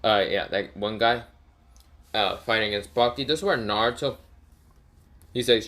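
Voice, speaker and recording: Male storyteller, low-ish voice, loose rambling retelling, lots of fillers. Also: normal speed, pauses often, a bit bright. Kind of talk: casual fan-story retelling.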